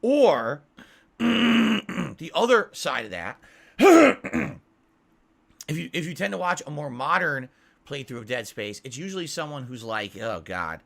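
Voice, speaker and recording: Brief: exasperated male YouTuber ranting, repetitive and profane, somewhat high voice. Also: big pitch swings, slow pace, vocal fry, long pauses, a bit bright. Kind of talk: ranting monologue.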